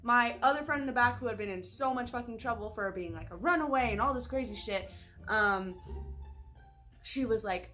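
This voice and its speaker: A young woman vlogger tells a storytime tale in a casual, profane, rambling way. Her voice is fairly high and very bright. Faint music plays under her. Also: normal speed. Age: young adult. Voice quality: casual, profane, chatty with many "like"s.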